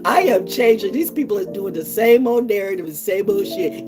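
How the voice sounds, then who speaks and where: A woman's voice: mid-range voice, expressive, brisk, hardly any pauses, music in the background. A woman hosting a casual livestream as an oracle card reader, talking bluntly and profanely in rambling asides.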